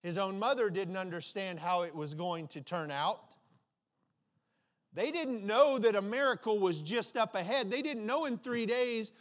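A male pastor delivers a sermon in a fairly high voice, repeating phrases line after line. He restarts and stumbles now and then as he builds toward his point. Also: expressive, a little slow. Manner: repetitive, building preaching with restarts.

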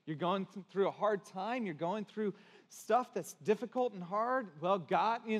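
Male pastor, high voice, conversational sermon with emphatic builds, large reverberant hall. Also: measured pace.

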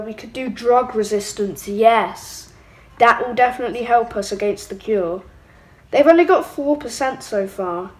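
A young woman giving excitable, playful let's-play commentary with mock-evil asides. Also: a little high, slight background noise, rough recording. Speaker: gaming channel host. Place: home room.

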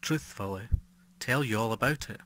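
Male reader doing a composed, icy housewife: prim and unhurried, audiobook, dry recording. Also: medium pitch, bright, forceful tone, dry recording, lightly acted. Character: calm, cold middle-aged wife who poisons.

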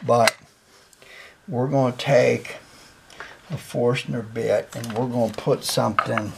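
A man's voice: medium pitch, fairly even intonation, slow pace, gravelly, very noisy. A man, hosting a workshop how-to vlog about building guitars, folksy and joking as he talks viewers through his work. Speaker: guitar builder, channel host.

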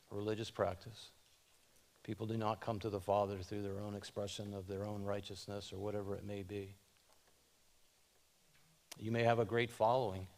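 Man preaching in measured phrases. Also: on the low side, darkish tone. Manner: reads scripture aloud with rising emphasis. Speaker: pastor. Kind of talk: sermon.

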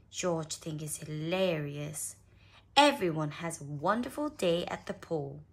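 Slow, expressive woman reading a storybook. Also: low voice, breathy edge. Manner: slow, expressive read-aloud with small slips. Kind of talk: reading a children's picture book aloud.

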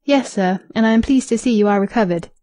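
A woman reading as a calm, reserved old-world waiter. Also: fairly high pitch, fast talker, lightly acted. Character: reserved foreign male hotel waiter.

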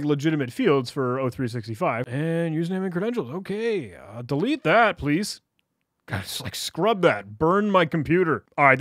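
Male tech vlogger, fairly high voice, playful and excitable, reads chats aloud in a dry close-mic sound. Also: no echo. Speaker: cybersecurity YouTuber. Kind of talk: casual screen-recorded walkthrough.

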